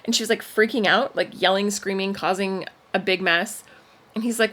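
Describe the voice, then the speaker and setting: A woman co-hosting a parenting podcast, telling a story in an animated, casual way. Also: a little fast. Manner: animated storyteller with frequent pitch swings. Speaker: podcast co-host. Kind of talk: casual chat.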